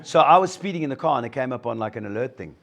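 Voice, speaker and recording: A man's voice: medium pitch, lively intonation, racing, gravelly, a bit bright, highs cut off. A middle-aged man gives a motivational talk to an audience, telling his story and acting out the dialogue. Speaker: guest speaker sharing a recovery story.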